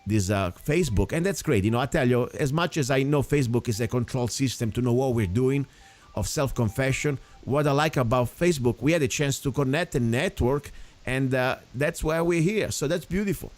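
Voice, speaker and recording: A man's voice: mid-range voice, fairly quick, a little mellow. A man hosting a radio show, speaking English in an emphatic, rambling way. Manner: emphatic, rambling, non-native phrasing. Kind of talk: casual radio talk.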